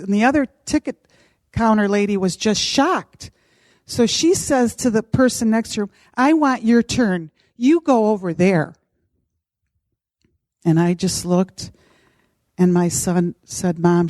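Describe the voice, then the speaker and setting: Mellow-voiced woman telling a story. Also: medium pitch, dry recording. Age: middle-aged. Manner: animated, acts out quoted voices. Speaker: podcast co-host. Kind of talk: casual storytelling.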